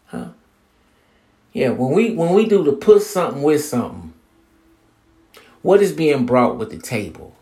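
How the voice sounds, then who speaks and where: Gravelly-voiced man ranting casually. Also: mid-range voice. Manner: profane, streetwise, mocks others with blah blah. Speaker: podcast host. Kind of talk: casual monologue.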